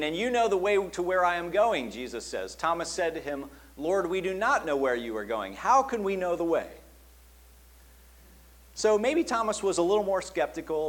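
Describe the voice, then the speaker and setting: A man preaching a sermon in an earnest tone, dropping soft and quiet when he quotes the words he attributes to Jesus. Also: fairly high pitch, breathy edge. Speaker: pastor.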